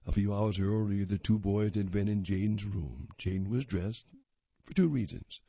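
Low, husky man reading a story. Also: normal speed, mellow, no echo. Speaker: reader. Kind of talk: reading a magazine story aloud. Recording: dull lo-fi dry recording.

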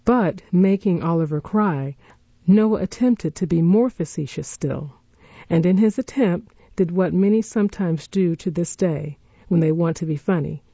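A narrator reading a classic novel in a measured, even storytelling manner, in a dull, dry recording. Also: medium pitch, gravelly, husky, no echo.

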